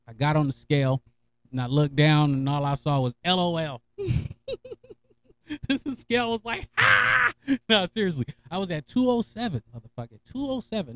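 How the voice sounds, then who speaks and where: A fairly high-pitched man talks casually to his listeners, swearing freely and breaking into laughter. He tells his stories in an animated, conversational way. He sounds middle-aged and relaxed. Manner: laughing, profane, animated storyteller. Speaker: podcast host. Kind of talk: casual storytelling monologue.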